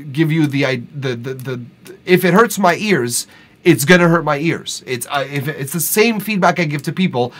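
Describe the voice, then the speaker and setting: A man's voice: a little high, fairly bright tone. Blunt man streaming live. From Quebec, Canada. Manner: blunt, candid. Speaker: host reviewing listeners' music. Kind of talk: casual live-stream chat.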